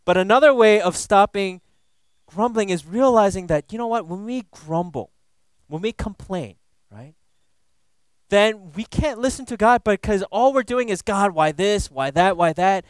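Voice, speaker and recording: A man gives a conversational Bible teaching sermon, casual and playful, sprinkling in "you know" and "right?" and laughing at his own jokes. His voice is high, animated and smooth at a normal speed, with no echo.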